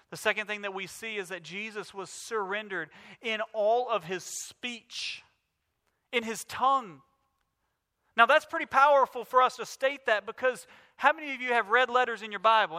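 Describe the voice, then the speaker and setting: A man's voice: high voice, normal speed, pushed and bright. A male pastor in his thirties preaching a sermon with emphatic, rising declarations. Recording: reverberant hall.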